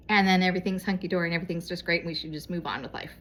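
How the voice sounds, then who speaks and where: A woman's voice: fairly low pitch, fairly even intonation, racing, few pauses, fairly bright tone. A woman vlogger speaking to her viewers in a casual, earnest and pleading way, giving moral advice. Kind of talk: casual heartfelt exhortation to viewers.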